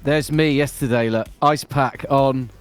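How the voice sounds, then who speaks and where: A man's voice: medium pitch, fairly even intonation, measured pace, clear, resonant tone, faint music behind. A man chatting casually on a live stream, telling a story with frequent laughs. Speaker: streamer co-host. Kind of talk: casual chat.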